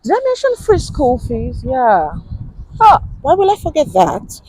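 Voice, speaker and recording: Nigerian woman, 30s, animated vlogger with a warm, mellow voice and a pidgin-laced delivery. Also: high-pitched, measured pace, husky. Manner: animated, mixes in pidgin, laughs often. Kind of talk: casual chat.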